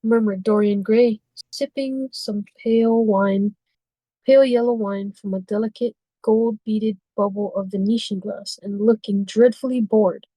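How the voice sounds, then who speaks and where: A woman's voice: medium pitch, fairly even intonation, dark tone, no echo, low-quality recording. A woman narrating a novel aloud for a book club in a plain way. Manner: plain narration with stumbles and quick apologies.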